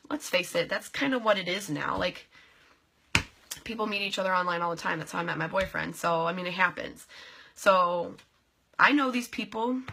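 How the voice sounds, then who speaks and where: A woman's voice: mid-range voice, vocal fry, sharp tone, breathy edge. Bubbly, goofy young woman vlogger. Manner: bubbly and goofy, talks to viewers by name. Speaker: vlogger and direct sales team leader. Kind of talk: casual live video chat.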